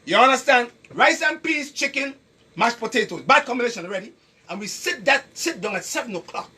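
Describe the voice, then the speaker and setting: Caribbean man, preachy health educator, high lively voice with a husky edge. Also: a little fast. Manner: preachy, emphatic, repeats points and quizzes listeners. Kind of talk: lively health talk to an audience.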